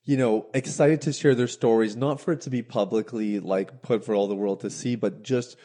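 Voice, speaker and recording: A man's voice: medium pitch, steady tone, normal speed, warm tone. A man hosting a podcast, giving short affirmations and asking long, rambling questions. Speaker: podcast host. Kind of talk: casual interview chat.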